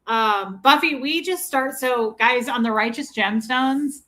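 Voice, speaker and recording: A woman's voice: fairly high pitch, measured pace, pushed and bright. A woman in her forties co-hosting a livestream, chatting casually and bluntly, greeting viewers and swearing freely. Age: 40s. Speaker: co-host of a livestream. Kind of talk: casual chat reading viewer comments.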